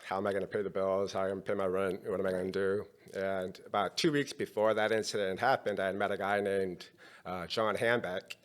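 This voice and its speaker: Man, middle-aged, low voice, podcast guest, storytelling, acts out dialogue. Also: a little fast, clear, resonant tone. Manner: animated storyteller acting out dialogue.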